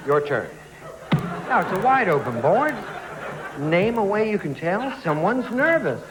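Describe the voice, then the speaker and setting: High, lively joking game show host man. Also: unhurried, noisy background. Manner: joking, teasing, calls contestants love and darling. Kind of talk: bantering game show hosting. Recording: archival TV studio with loud audience. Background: loud studio audience.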